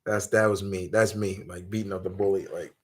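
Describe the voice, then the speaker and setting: A man's voice: sits low, level tone, brisk. A man in his forties, hosting a live Q&A stream and rambling through casual chat full of fillers and restarts. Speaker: host.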